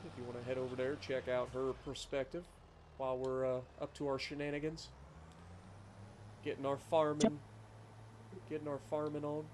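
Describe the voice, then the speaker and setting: A man's voice: medium pitch, darkish tone, a little hiss or hum, poor audio. A man from the Ohio foothills with an Appalachian accent, chatting and telling stories while streaming a farming game, enunciating carefully. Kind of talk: casual live-stream chat.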